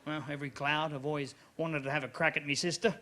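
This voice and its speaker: An Australian man in his thirties doing live stand-up comedy, animated and quick to jump into loud character voices. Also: on the high side, heavy background noise. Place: comedy club stage.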